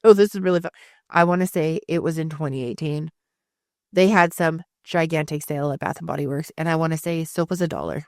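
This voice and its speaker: A woman's voice: low-pitched, brisk, a little mellow, dry recording, clean studio sound. A woman in her thirties co-hosting a podcast, rambling casually, swearing freely and laughing often. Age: 30s. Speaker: podcast co-host. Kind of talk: casual chat.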